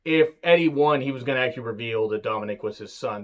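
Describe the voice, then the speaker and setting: A man's voice: mid-range voice, quick pace, lo-fi sound. A man giving a casual, opinionated review, ranting, swearing and joking sarcastically, with sudden bursts of emphasis. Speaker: wrestling reviewer.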